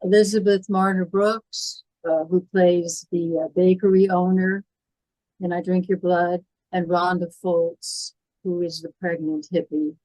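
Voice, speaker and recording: A woman's voice: on the low side, flat delivery, measured pace, mellow, dry recording, poor audio. A woman in her seventies from the Midwest with a Midwestern American accent and polished, stage-trained diction, chatting as a guest in a podcast interview. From Illinois, US Midwest. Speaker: guest, horror film actress.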